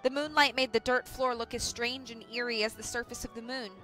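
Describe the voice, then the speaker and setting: A woman reading a children's novel aloud on a livestream, with clear, measured storytelling. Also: on the high side, steady tone, pushed and bright, soft background music, rough recording. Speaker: audiobook reader.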